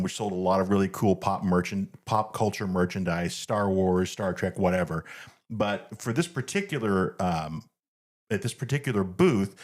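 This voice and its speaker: A middle-aged man hosting a family podcast, telling anecdotes in an animated way and laughing at them. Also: low voice. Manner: animated storyteller, laughs at his own anecdotes. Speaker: podcast host. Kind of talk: casual family chat.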